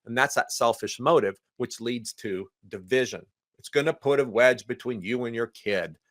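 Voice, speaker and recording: A man speaking as a guest counselor in a casual conversation, animated and acting out other people's lines, repeating words in quick bursts. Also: mid-range voice, dry recording, studio quality.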